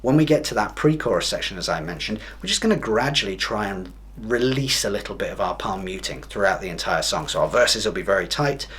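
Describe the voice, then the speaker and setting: A man explaining strumming in a guitar lesson, steady and methodical, counting beats aloud. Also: on the low side, a little fast. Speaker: guitar teacher. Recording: guitar music loud behind. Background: guitar playing.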